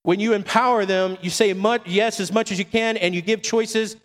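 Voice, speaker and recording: A man's voice: high-pitched, fairly even intonation, moderate pace. A middle-aged male pastor preaching a sermon to a congregation, with frequent call-and-response asides. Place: church sanctuary. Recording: long hall reverb.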